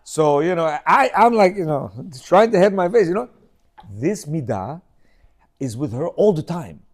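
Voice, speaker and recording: Middle-aged male host, higher voice, lively and animated, rambling storyteller who acts out quotes. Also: moderate pace. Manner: animated, rambling, frequent restarts and acted quotes. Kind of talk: casual storytelling commentary.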